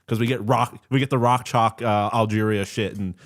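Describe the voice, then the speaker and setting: A man co-hosting a casual sports podcast who talks excitably, swears a lot and laughs easily. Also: fairly low pitch, normal speed. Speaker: podcast co-host. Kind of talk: casual chat.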